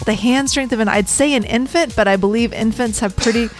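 A woman co-hosting a podcast in casual chat, self-mocking and quick to laugh. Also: a little high, faint music behind. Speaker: podcast co-host.

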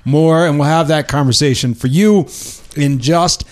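A man's voice: a little high, moderate pace. Chatty, upbeat male podcast host. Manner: enthusiastic, chatty, with frequent fillers. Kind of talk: casual podcast hosting. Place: office.

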